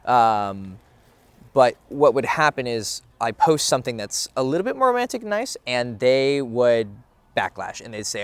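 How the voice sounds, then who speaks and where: A man's voice: medium pitch, lively intonation, a little fast, no room sound. A young man speaking casually to camera out of doors, with a mid-range voice. His talk is candid and loose, full of asides and the odd swear word. He sounds like a dating coach sharing opinions in an unscripted vlog. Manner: candid, conversational, swears freely. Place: outdoors near a bench.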